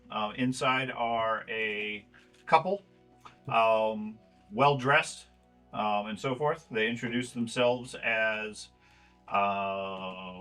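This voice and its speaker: A man narrating a tabletop game as game master in a relaxed way, with many fillers. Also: medium pitch.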